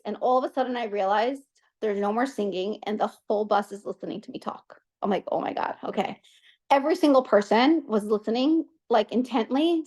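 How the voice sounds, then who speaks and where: A woman in her thirties, hosting an online class and telling a personal story in a lively, chatty way full of asides. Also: medium pitch. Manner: animated, chatty, many fillers and asides. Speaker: class host.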